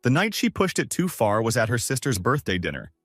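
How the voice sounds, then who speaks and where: A man's voice: mid-range voice, big pitch swings, a little fast, fairly bright tone, slightly rough, no room sound, studio quality, soft background music. A man narrating a first-person story with a scripted, dramatic delivery.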